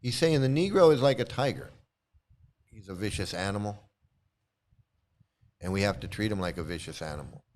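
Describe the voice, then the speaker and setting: A man's voice: fairly low pitch, lively intonation, moderate pace, long pauses, darkish tone. A man giving critical commentary, sarcastic and swearing, now and then mocking other voices. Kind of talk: critical commentary on read-out quotes.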